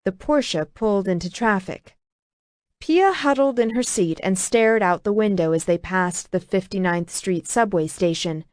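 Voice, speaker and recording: A woman narrating an audiobook with a steady, even reading. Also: mid-range voice, unhurried, no echo, clean studio sound. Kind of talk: scripted narration.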